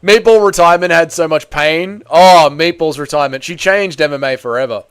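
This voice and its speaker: A man's voice: fairly high pitch, fairly quick, clear, resonant tone. A young man hosting a live fight watch-along, chatting casually and joking while answering the chat. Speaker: host.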